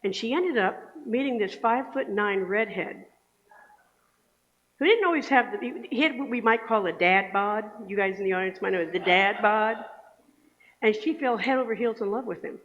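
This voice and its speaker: In a church sanctuary, a woman delivers the Sunday message as a conversational sermon, her medium-pitched voice a bit bright at a normal pace. She's chatty and keeps checking in with the congregation, asking them to agree. The recording has an echoey hall sound and a dull, lo-fi quality.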